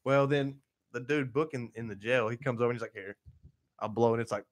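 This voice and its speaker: A man hosting a podcast, telling a story in casual chat, animated and profane, acting out quotes with bursts of laughter. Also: mid-range voice, brisk, no echo. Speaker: podcast host.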